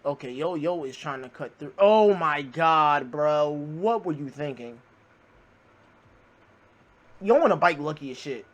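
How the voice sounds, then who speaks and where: A man hosting a reaction video, talking casually and yelling excitedly at what he watches. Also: a little high, measured pace, pauses often, highs cut off. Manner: excitable, yells at the clips, heavy swearing. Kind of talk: casual profane reaction commentary.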